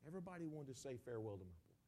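A man's voice: medium pitch, big pitch swings, rapid-fire, dark tone. A preacher voicing a grieving, bitter father. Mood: curt. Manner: insistent, repeats himself. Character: grieving proud older father, bitter toward God.

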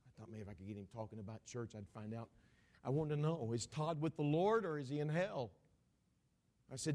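Earnest preacher telling a story. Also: male voice, medium pitch, fairly quick. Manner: quiet, earnest, acts out both sides of a conversation. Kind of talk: sermon storytelling.

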